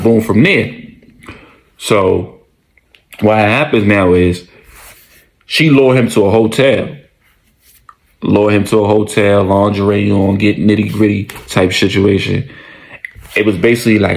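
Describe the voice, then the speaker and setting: Gravelly, lowish male voice, casual slangy storyteller. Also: low-quality recording. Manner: slangy, conversational, animated retelling.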